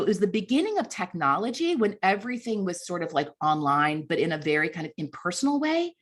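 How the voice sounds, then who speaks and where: A woman in her fifties, a communications coach giving a lively, chatty storytelling speech at a conference. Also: mid-range voice, a little fast, hardly any pauses, slightly rough. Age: 50s. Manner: lively, chatty, self-deprecating.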